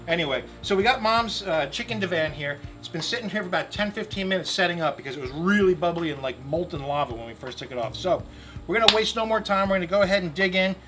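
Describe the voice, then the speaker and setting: A man's voice: high-pitched, expressive, fast talker, over music. A middle-aged man hosting a grill cooking video outdoors, chatting upbeat and joking to camera. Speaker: grill cooking show host. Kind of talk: casual cooking demo to camera.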